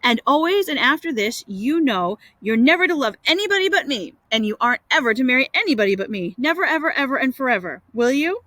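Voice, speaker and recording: An eager, boastful schoolboy from a storybook, coaxing and bragging in a bright, lively voice, as a woman reads him aloud. The delivery is dry and close, with the pitch bouncing high as he pleads. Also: fast, few pauses, no room sound. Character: boastful young schoolboy smitten with a girl.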